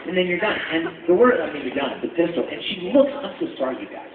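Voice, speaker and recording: A high, lively male voice answers fans at a convention panel, playful and warmly chatty. He swoops up and down as he jokes. The sound is tinny and echoey, picked up from far back in a big noisy hall. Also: quick pace, a crowd in the background. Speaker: voice actor panel guest.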